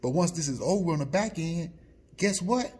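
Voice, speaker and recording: A man with a husky voice, ranting loudly and profanely, swinging between shouts and mutters. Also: fairly high pitch, lively intonation, normal speed. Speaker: blogger. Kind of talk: profane off-the-cuff rant.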